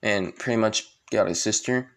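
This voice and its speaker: A man's voice: on the low side, normal speed. A man casually narrating a fan story in a rambling, loose way.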